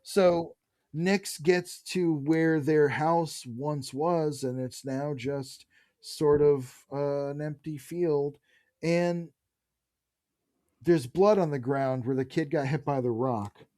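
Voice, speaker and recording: A man co-hosts a casual comic book podcast, talking with eager enthusiasm and the odd swear. His voice sits a touch high. The sound is dry and close, with no room echo. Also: slow pace, warm tone. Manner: enthusiastic, swears casually, reads dialogue aloud. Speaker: podcast co-host.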